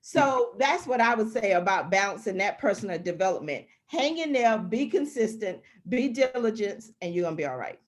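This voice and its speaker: A woman's voice: medium pitch, animated, normal speed, few pauses. A woman speaking as a guest on a community call, heartfelt and emphatic in her encouragement. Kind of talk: motivational talk.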